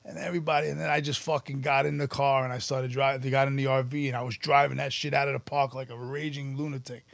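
A man, telling stories about his past in an animated, profane, casual interview. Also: mid-range voice, fast talker, gravelly, hardly any pauses, no room sound. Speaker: podcast guest, musician and actor.

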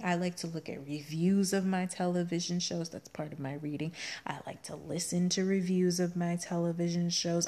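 A woman co-hosting a podcast, chatting casually with strong opinions and quick teasing. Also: on the low side, darkish tone. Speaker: podcast co-host.

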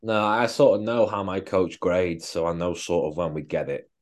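A man's voice: low voice, steady tone, normal speed. A man co-hosting a podcast, a fitness coach chatting casually and swearing bluntly. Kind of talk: casual chat.

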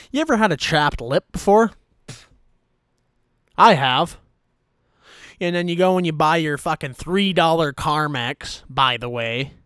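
A man's voice: on the high side, animated, takes it slowly, pauses often, bright, forceful tone, smooth, no room sound, clean studio sound. A young man doing a profane, exasperated comedic rant as a YouTuber, talking to his own channel. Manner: profane, exasperated, mock-furious. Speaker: YouTuber ranting to camera.

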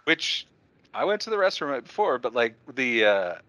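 A podcast host with a medium-pitched voice chats casually at normal speed, an animated storyteller who laughs often. There's no room sound on the recording.

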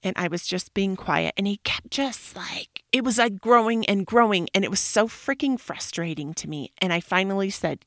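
Frank, animated woman podcaster, dry close mic. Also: medium pitch, moderate pace, hardly any pauses, no room sound. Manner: frank and animated, swears casually, leans on "like" fillers. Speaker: podcast host. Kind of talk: candid personal monologue.

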